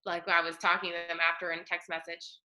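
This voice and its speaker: A woman's voice: on the low side, flat delivery, fairly quick, sharp tone, low-quality recording. A woman chatting casually on a video call, giving peer feedback and often acting out what others said. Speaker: sign language student.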